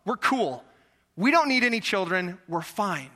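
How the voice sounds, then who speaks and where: A man's voice: sits high, very animated, takes it slowly, fairly bright tone, heavily acted. A man voicing an exasperated, stubborn old woman who insists in sassy, emphatic protests that she is too old for children. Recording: echoey hall reverb.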